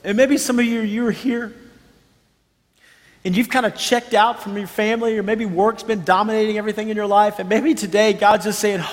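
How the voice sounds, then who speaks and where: High-voiced earnest man preaching. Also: steady tone, brisk, long reverb tail. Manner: earnest storytelling, emphatic repetition. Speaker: pastor. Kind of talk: sermon.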